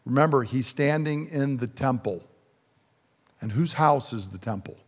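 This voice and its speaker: A man's voice: mid-range voice, a little slow. A man preaching a sermon in an emphatic way, often putting questions to his listeners. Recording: long hall reverb.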